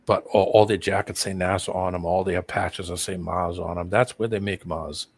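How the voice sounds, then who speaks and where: A man's voice: sits low, steady tone, normal speed. A man in casual chat on a live stream video call, rambling and conspiratorial as he explains something. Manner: rambling, conspiratorial, talks over the other man.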